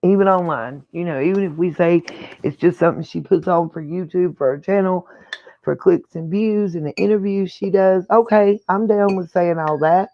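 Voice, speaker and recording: A woman's voice: on the low side, normal speed. A woman hosting a reaction channel, chatting in a casual, opinionated way and thinking aloud as she comments on a clip. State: hiccuping. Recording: dull lo-fi sound.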